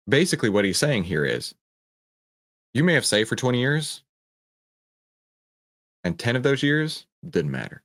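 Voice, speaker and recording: A man's voice: mid-range voice, very animated, moderate pace, long pauses, fairly bright tone. A man hosting a stock market commentary show, reacting to a clip and explaining a chart, emphatic and checking in with "right?" and "okay?". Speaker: host.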